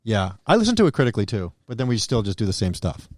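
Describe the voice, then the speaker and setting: A man co-hosting a casual studio podcast, animated and easily riled, with a slightly wheezy laugh. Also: lowish voice, rapid-fire, no room sound. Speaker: podcast co-host. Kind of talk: casual chat. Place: radio studio.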